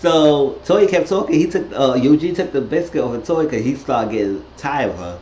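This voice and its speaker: Man, mid-pitched, chatty and profane recap host; lively delivery with squealing quoted asides; roomy, dull lo-fi audio. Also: moderate pace. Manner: animated, profane, swings into shrieky quoted voices. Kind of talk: casual recap chat.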